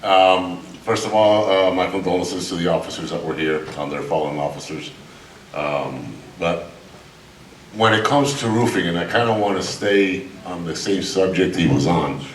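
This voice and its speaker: Male contractor panelist, very low voice, distant roomy sound. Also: measured pace, slight background noise. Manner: plain, practical advice. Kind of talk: panel presentation. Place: meeting hall. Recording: echoey hall, voice from far off.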